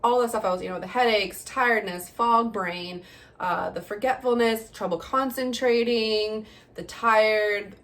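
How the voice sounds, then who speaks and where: A woman's voice: mid-range voice, fairly bright tone. A young woman records a casual personal vlog, speaking candidly to her viewers as a mother. Her delivery is chatty and loose, full of laughs and fillers. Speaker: vlogger, mother.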